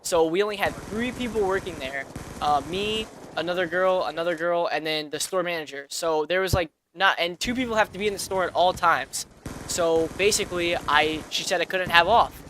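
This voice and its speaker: A man's voice: high voice, moderate pace, pushed and bright, a little hiss or hum. A man in his twenties telling a personal story in a casual vlog, rambling with many fillers and restarts. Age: 20s. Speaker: vlogger.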